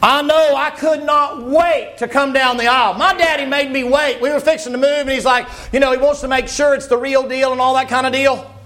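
A man's voice: extremely high pitch, steady tone, fairly quick, few pauses, a bit bright. A middle-aged man preaching a folksy, humorous sermon.

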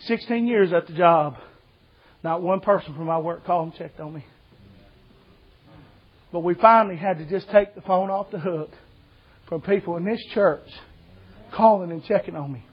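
A man preaching a sermon testimony, telling a lively story and acting out the voices of the people in it. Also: high voice, normal speed, long pauses, slightly rough, muffled recording.

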